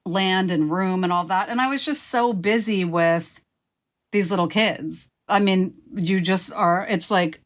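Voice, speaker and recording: A woman's voice: mid-range voice, a little slow, dull audio. A woman in her forties, a guest telling her own story frankly and with swearing, acting out her past remarks. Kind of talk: candid personal storytelling.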